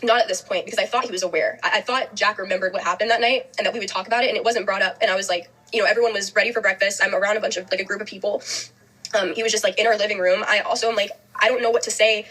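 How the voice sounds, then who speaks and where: Young woman, interview guest, husky and quick, halting delivery full of fillers. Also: medium pitch, steady tone, fairly bright tone, rough recording. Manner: fast, halting, heavy with "like" fillers. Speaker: podcast guest. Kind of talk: interview, telling a personal story.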